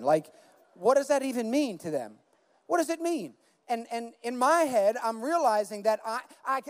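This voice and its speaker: High-voiced pastor with faint music. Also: male voice, a little mellow. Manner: conversational, stammering restarts, acts out quoted voices. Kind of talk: sermon.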